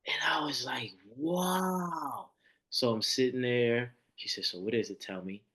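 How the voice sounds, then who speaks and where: A man who is a podcast guest, telling a personal story in conversation and acting out the quotes, moving between a hushed voice and high, excited bursts. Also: a little slow.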